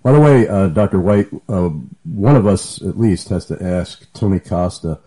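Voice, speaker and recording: A man hosting a call-in radio talk show, jovial and quick to laugh, reading out listener questions. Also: sits low, warm tone. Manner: jovial, laughs often, fumbles for papers.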